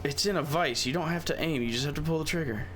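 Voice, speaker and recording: A man's voice: a little high, fast, fairly bright tone, soft background music. A man streaming a video game, thinking aloud in casual, profane commentary. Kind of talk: casual let's-play commentary.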